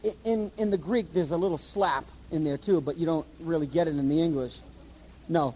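A man preaching a sermon and teaching from the Bible, animated and asking his listeners questions. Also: high voice, normal speed, low-quality recording. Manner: animated, asks the audience questions.

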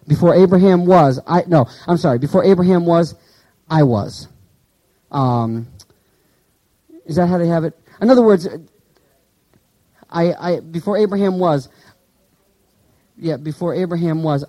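A man preaching a sermon in a conversational way, asking his listeners questions and slowly reading out Greek words. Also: high voice, animated, mellow, low-quality recording. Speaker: pastor.

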